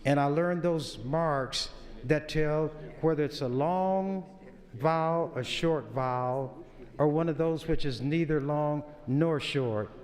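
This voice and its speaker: In a slow, darkish voice that sits on the high side, a state senator lectures the floor of a large legislative chamber in a folksy manner. Long chamber reverb carries through the recording.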